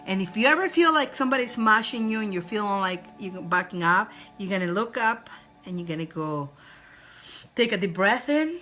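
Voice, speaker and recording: A woman's voice: medium pitch, lively intonation, normal speed, pushed and bright, faint music behind. A woman from Egypt hosting a casual spiritual advice talk, playful and laughing often as she leads viewers in roaring breath exercises.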